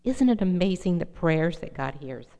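A woman's voice: lowish voice, sing-song, normal speed, dark tone, big-room sound. A middle-aged woman telling her personal recovery story to an audience, earnest and direct, often asking listeners questions. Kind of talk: personal testimony talk.

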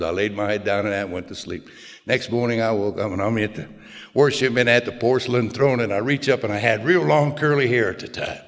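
A man's voice: lowish voice, vocal fry, fairly bright tone. Older man telling stories in a hall. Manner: folksy, plain-spoken, self-mocking humor. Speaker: speaker sharing his story. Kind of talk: personal storytelling talk. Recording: long hall reverb.

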